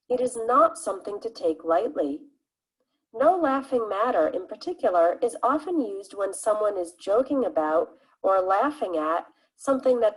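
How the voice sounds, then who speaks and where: A woman's voice: mid-range voice, a little mellow, slightly rough, poor audio. A woman reading vocabulary examples and explanations in a plain, scripted way. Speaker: English teacher. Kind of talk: scripted lesson narration.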